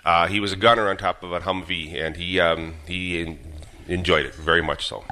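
A man in his fifties from Minnesota, a father telling his story as a guest on a radio show, earnest and steady with some fillers. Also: low voice, fairly quick. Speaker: guest, Gold Star father. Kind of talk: radio interview, personal story.

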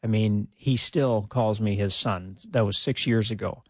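A man's voice: on the low side, measured pace, no echo. A man, a retired army officer talking modestly in a radio interview, chuckling often. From Minnesota, USA. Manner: relaxed and modest, chuckles often, many "uh" fillers.

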